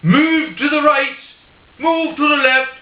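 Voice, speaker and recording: A man voicing an excitable Irishman with a put-on Irish accent, shouting commands in a high voice. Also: slow pace, echoey room, lo-fi sound. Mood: commanding.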